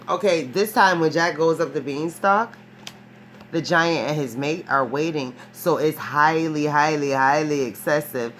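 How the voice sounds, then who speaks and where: A woman's voice: deep voice, slight background noise. A woman giving a casual, rambling tarot reading. She talks emphatically, restarts often, swears freely and keeps checking in with a questioning "right?". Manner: rambling and profane, ends phrases with a questioning "right?"; animated, emphatic storytelling with frequent restarts. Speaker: tarot reader.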